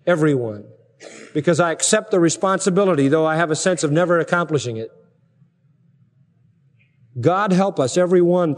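A man preaching a sermon as pastor, emphatic, with forceful rhetorical peaks. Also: fairly high pitch. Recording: long hall reverb.

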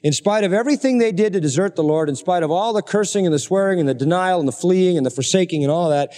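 A man delivers a sermon with emphatic force, climbing to high, intense peaks. His voice is mellow and sits a little high. The sound rings with the long reverb of a large church hall. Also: quick pace, few pauses. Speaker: pastor.

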